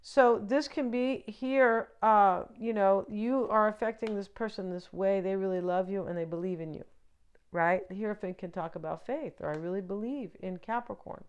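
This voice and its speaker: A woman talks through a tarot spread in a relaxed, rambling way, leaning on fillers and friendly check-ins. Her voice is smooth and clear, and her pitch sits right in the middle. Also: normal speed, dull audio. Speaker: tarot reader. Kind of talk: casual tarot reading for viewers.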